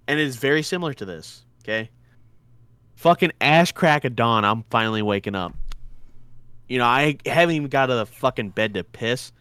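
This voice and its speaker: A smooth-voiced man bantering profanely. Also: mid-range voice, pushed and bright, no echo. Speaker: podcast co-host. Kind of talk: casual podcast chat. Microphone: podcast microphone.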